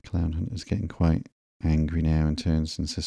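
A man hosting a sleep podcast, calmly narrating a comic book in a slow, monotone manner. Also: very deep voice, creaky, no room sound. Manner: calm, monotone, drawn-out. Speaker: podcast host and comic reader.

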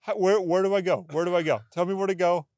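A man's voice: high voice, steady tone, quick pace, a little mellow, no echo. Ranting, sarcastic man. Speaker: podcast co-host. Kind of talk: casual chat.

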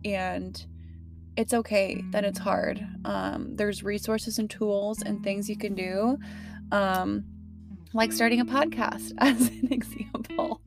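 A woman's voice: medium pitch, fairly even intonation, slow pace, gravelly, music in the background. A young woman hosting her podcast from her car, talking casually and emotionally with lots of fillers. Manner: chatty, emotional, many fillers and laughs. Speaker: podcast host. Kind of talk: casual heartfelt podcast talk.

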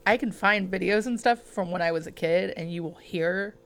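A woman's voice: fairly low pitch, moderate pace, fairly bright tone. A woman from Arkansas co-hosting a podcast, chatty and teasing, laughing often. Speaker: podcast co-host. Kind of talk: casual chat.

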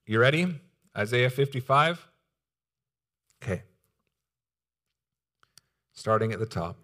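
A young man preaching a sermon as pastor, earnest and pleading, with pauses and restarts. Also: mid-range voice, expressive, pushed and bright.

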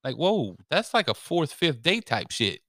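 A man's voice: fairly high pitch, measured pace, no echo, studio quality. A man telling a funny story in casual chat, swearing and acting out what everyone said. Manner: animated, swearing storyteller who acts out quotes.

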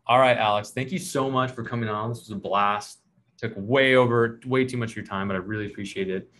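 A man's voice: fairly low pitch, fairly even intonation, brisk, fairly bright tone. A male podcast host spins a story in loose, easy conversation. He jumps into the voices of people he quotes and laughs at his own embarrassment along the way. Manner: laughs often, self-deprecating. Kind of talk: casual storytelling chat.

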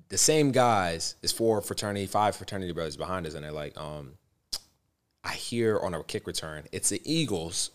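Deep-voiced man telling an animated story. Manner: animated storytelling, swearing freely. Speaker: podcast co-host. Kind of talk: casual chat.

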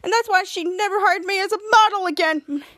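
A woman's voice: very high-pitched, brisk, fairly bright tone. A woman quoting a vain, washed-up male former model in a whiny, self-pitying way while recapping a show. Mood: aggrieved.

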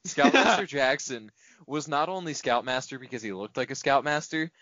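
A young man chatting on a podcast with a lively, bouncing pitch, laughing easily as he rambles through a story. The sound is dry and a little dull, close to the mic. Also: normal speed, no room sound. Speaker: podcast co-host. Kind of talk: casual chat among friends.

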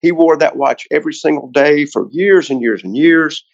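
A man's voice: on the high side, moderate pace, vocal fry, no room sound, highs cut off. A man, a car collector guest on a podcast, telling a long story in a casual, rambling way with many restarts.

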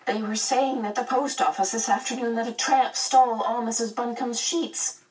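A woman's voice: fairly high pitch, steady tone, normal speed, a little mellow, recorded from a distance, pitched above the performer's own voice, natural voice, rough recording. A woman voicing a jumpy, anxious teenage girl who talks nervously and wails. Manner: nervous, wailing.

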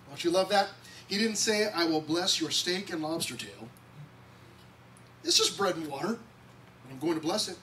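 A man preaching as a pastor in a church, with an excitable, conversational delivery full of restarts and asides. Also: a little high, moderate pace, long pauses. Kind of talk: sermon. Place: church sanctuary. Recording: distant mic, faint background noise.

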